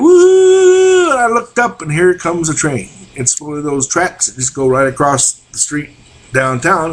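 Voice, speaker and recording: A man's voice: a little high, fairly bright tone, slight background noise. An older man telling old school stories in a folksy, rambling way, chuckling now and then, on a webcam. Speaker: vlogger. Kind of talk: casual storytelling.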